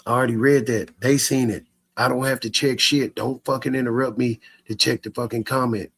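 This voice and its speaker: Male streamer, husky and rough-edged; rants at chat, cursing, repeating himself. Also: mid-range voice, fairly even intonation, brisk, a bit bright. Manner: repetitive, stammering restarts, profane. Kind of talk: ranting live stream to chat.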